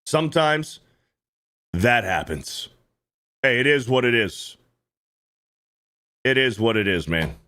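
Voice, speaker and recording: A man's voice: medium pitch, expressive, slow pace, pauses often, bright, forceful tone. A man hosting a livestream, reacting to clips in casual, profane commentary and often repeating himself. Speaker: livestream host.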